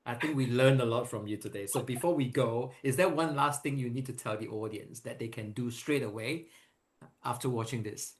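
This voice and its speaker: A man's voice: medium pitch, a little fast. A man hosting an interview, asking curious follow-up questions in a casual, friendly way. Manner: curious, asks follow-up questions, laughs easily. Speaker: podcast host.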